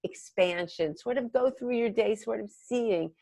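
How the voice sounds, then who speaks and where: Gushing high-voiced woman guest, dry sound. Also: gravelly, mellow, no room sound. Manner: gushing, halting with restarts. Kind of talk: casual chat.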